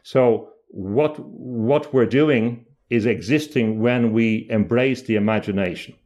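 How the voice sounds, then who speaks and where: A man's voice: medium pitch, takes it slowly, a little mellow. A middle-aged man speaking about mystical ideas in a thoughtful, lecture-like way, often restarting and repeating words.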